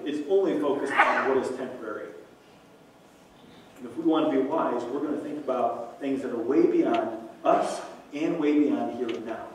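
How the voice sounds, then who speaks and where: Male pastor, somewhat high voice, conversational sermon full of restarts, heard from a distance with a faint hiss. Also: a little mellow. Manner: conversational preaching with repeated restarts and asides. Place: church sanctuary. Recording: echoey room, mic from a distance.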